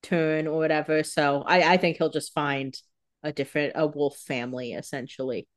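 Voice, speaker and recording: A woman co-hosting a relaxed recap podcast who tosses in jokes and sarcastic remarks. She talks loosely and fills her sentences with "like." Her voice sits a little low. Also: moderate pace. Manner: joking asides with many "like" fillers. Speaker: podcast co-host. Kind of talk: casual recap chat.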